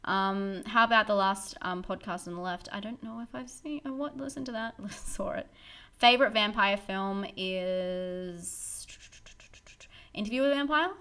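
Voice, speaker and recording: A young woman chats through a relaxed live-stream Q&A. Her tone is bright and clear, and she wanders through answers with frequent ums, restarts and little giggles. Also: fairly high pitch, a little fast, few pauses. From Australia. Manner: chatty, giggly, rambling with fillers and restarts. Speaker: horror film YouTuber hosting a live stream.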